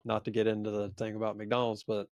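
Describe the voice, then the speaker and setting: A man's voice: lowish voice, monotone, fast talker, a little mellow, dry recording, clean studio sound. A man in his forties co-hosting a faith podcast, telling a personal story in a rambling, earnest, self-reflective way. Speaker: podcast co-host. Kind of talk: casual storytelling chat.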